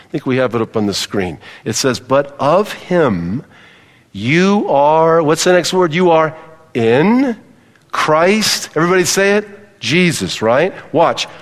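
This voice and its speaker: A man's voice: mid-range voice, in a large hall. A male pastor preaching a sermon, emphatic, repeating key phrases and calling on the congregation to respond.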